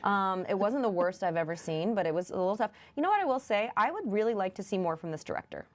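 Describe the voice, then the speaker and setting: A woman's voice: medium pitch, animated, quick pace. A woman hosting a podcast, reviewing a movie in casual chat, chatty and laughing often. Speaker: podcast host.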